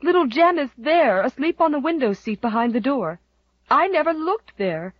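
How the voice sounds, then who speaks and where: A woman's voice: high voice, big pitch swings, normal speed, no room sound, muffled recording, voice pushed up. A woman voicing a fussy, devoted older housekeeper who talks eagerly and bustles through her words, for an audiobook. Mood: overjoyed. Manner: eager, bustling, repeats terms of address.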